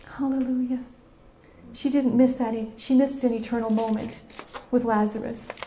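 A woman's voice: a little high, steady tone, moderate pace, mellow, a little hiss or hum. A woman preacher giving an impassioned sermon, repeating her phrases and acting out scenes as she goes. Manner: impassioned, repetitive, acts out scenes. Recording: dull lo-fi recording.

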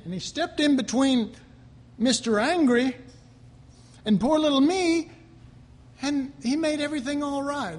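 Man, informal sermon, high voice, conversational, bursts of emphasis, long hall reverb. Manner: conversational, joking asides, rising to animated emphasis. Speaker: preacher.

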